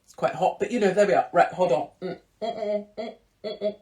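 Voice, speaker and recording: A woman hosting a casual live-stream chat, irreverent and theatrical, breaking into sudden high exclamations. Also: fairly quick, mellow. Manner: swings into big high exclamations. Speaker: host.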